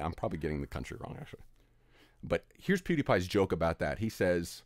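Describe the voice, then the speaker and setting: A man's voice: deep voice, expressive, a little fast, no echo, clean studio sound. A man giving an opinionated commentary rant, emphatic and exasperated, scolding his audience. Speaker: video commentator.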